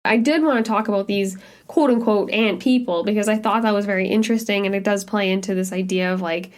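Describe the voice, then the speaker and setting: A woman's voice: mid-range voice, fast. A woman co-hosting a podcast with an ordinary mid-range voice. She chats loosely and casually, peppering her sentences with filler words and laughing easily. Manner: chatty, heavy use of "like", laughs easily. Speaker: podcast co-host. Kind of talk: casual chat.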